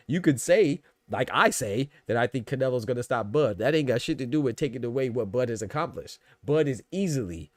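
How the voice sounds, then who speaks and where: Hosting a boxing podcast livestream, this man speaks at a medium pitch and a fairly quick clip, his tone slightly mellow with no room sound. He keeps it conversational, restarting words and leaning on phrases such as "you know what I'm saying."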